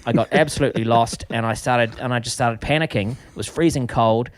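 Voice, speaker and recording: A middle-aged man with a New Zealand accent, a podcast guest telling a comic story in an animated, self-mocking way. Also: mid-range voice, fairly quick, dry recording, studio quality. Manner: animated, self-mocking, frequent laughs and restarts.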